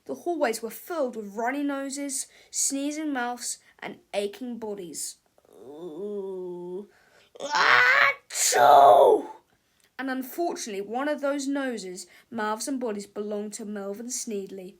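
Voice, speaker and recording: A woman reads a children's storybook aloud in a lively, expressive way. Her voice sits a little higher than most women's and rises and slows for funny details.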